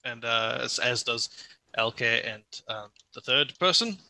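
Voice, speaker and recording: A man's voice: medium pitch, expressive, a little slow, sharp tone. A man narrating as game master of a tabletop game, setting scenes in a loose, descriptive way.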